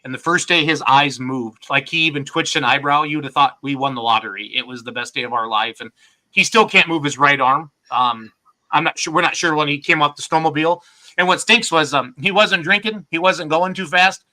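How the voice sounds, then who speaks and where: A man's voice: on the high side, a little fast, pushed and bright. A man hosting a casual podcast, joking and self-deprecating in easy banter.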